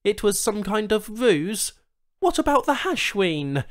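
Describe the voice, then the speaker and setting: A man's voice: high voice, sing-song, a little slow, a bit bright, voice pushed up, full character voice. A man doing a baffled, irritable human trader. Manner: agitated questioning.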